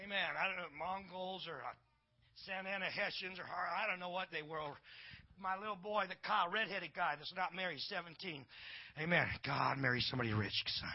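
High-voiced folksy preacher man. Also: brisk, dull audio. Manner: folksy, peppers lines with amen and praise God. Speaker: pastor. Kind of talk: preaching a sermon. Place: church.

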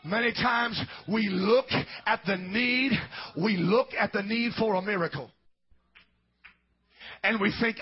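Raspy, high-pitched shouting preacher. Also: male voice, takes it slowly, lo-fi sound. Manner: shouting, chanting repeated phrases. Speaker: pastor. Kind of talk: shouted revival sermon.

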